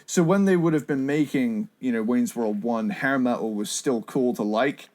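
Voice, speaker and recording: A man co-hosting a casual podcast chat, joking in an unhurried way. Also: medium pitch, a little mellow. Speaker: podcast co-host.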